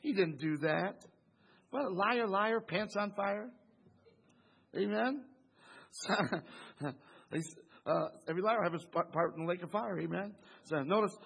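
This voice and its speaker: A man's voice: high voice, normal speed, vocal fry, a bit bright, breathy edge. A man preaching a Bible study sermon who keeps asking the congregation "Amen?" and chuckles between phrases.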